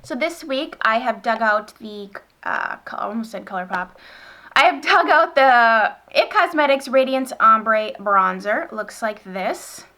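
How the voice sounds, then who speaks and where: A woman's voice: on the high side, expressive, measured pace, pushed and bright. A young woman with a northern US accent, chatting casually about beauty products in a gushing, rambling way with many fillers. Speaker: beauty vlogger. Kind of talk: casual chat.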